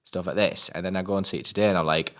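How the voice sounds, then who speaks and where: A British man co-hosting a film review show, rambling and halting, with lots of fillers and casual swearing. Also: low voice, steady tone, a bit bright.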